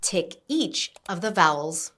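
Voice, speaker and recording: A woman teaching an English lesson, giving slow, carefully enunciated instructions and modelling words for repetition. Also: lowish voice, expressive, fairly bright tone. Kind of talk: slow, clear classroom instruction.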